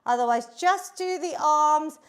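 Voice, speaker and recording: A woman's voice: sits high, unhurried. A woman leading an online exercise class, upbeat and encouraging, counting down reps and a little out of breath from moving along. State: slightly out of breath while exercising. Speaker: fitness instructor. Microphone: video call setup.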